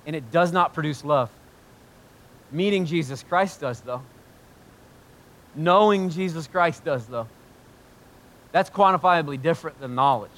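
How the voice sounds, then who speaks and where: A man preaching a sermon as pastor, swinging between hushed, intimate talk and loud, fervent exclamations, choked up with emotion at times. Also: fairly high pitch, animated, measured pace. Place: church in Ohio.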